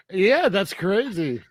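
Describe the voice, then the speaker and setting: A man co-hosting a film review podcast in casual chat, often laughing as he recaps scenes. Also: high voice. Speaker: podcast co-host.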